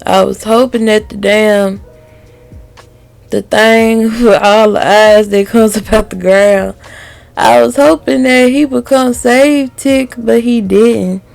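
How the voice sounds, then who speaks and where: Gravelly, slow-talking woman reviewer. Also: a little high, steady tone, darkish tone, no room sound, faint music behind. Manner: candid, heated and profane, laughing often. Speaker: TV show reviewer. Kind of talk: casual video review.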